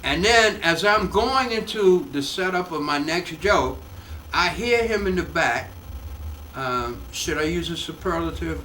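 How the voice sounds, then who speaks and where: An older male comedian telling an animated story in an interview at home, acting out the voices, recorded off-mic in an echoey room. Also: fairly high pitch, measured pace, recorded from a distance, slight background noise. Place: his home.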